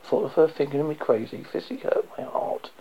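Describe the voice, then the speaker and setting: A man reading a dark first-person story aloud, low and intense, sometimes dropping to a whisper. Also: big pitch swings, fast talker, vocal fry, breathy edge. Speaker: audiobook narrator. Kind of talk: first-person audiobook narration. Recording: dull lo-fi recording.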